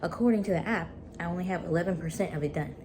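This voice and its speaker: A woman's voice: fairly low pitch, very fast, background noise. A young woman vlogging casually at home about books and her day. She sounds chatty and upbeat and fills her talk with "like" and "um". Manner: chatty and upbeat, with frequent fillers. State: pregnant. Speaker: book vlogger. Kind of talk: casual vlog chat.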